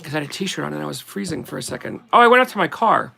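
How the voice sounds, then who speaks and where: A woman in a casual video, reading short holiday poems aloud slowly and sing-song, with chatty asides between them. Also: low-pitched, big pitch swings, vocal fry, bright, forceful tone, husky. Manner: giggly, reads verses slowly and sing-song. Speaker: vlogger.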